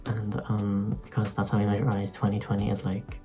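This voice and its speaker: A man's voice: fairly low pitch, monotone, fairly quick, warm tone, soft background music, poor audio. A young man from Ireland, rambling loosely through an unscripted vlog talk with sarcastic asides. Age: young adult. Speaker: YouTuber.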